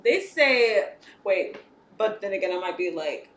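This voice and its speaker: An American woman co-hosting a podcast, chatting casually and lively, often trailing off mid-thought. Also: medium pitch, measured pace, roomy sound, slight background noise. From United States. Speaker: podcast co-host. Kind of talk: casual chat.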